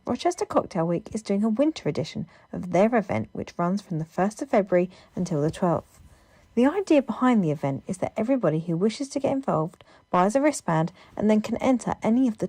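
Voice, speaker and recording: A woman reporter, reading a lively, upbeat news voice-over. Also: mid-range voice, breathy edge, dry recording.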